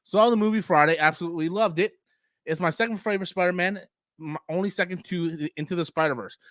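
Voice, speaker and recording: A man's voice: high-pitched, quick pace, a bit bright, no echo. Profane heated male streamer, dry sound. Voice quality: coughs often. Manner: heated, profane, mouth-breathing. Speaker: live stream host. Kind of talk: casual live stream rant.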